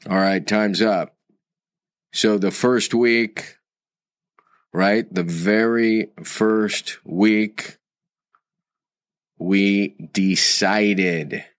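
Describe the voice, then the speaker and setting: A man leading a recorded course lesson, unhurried and reflective, fond of quotes and word origins. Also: on the low side, fairly even intonation, dry recording, clean studio sound. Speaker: course instructor.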